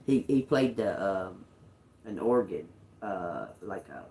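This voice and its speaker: A woman in her fifties chats to her livestream viewers in a low, very lively voice that leaps around as she talks. She laughs often and swears casually while rambling through a story. The sound bounces around an echoey room. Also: slow. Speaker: livestream host.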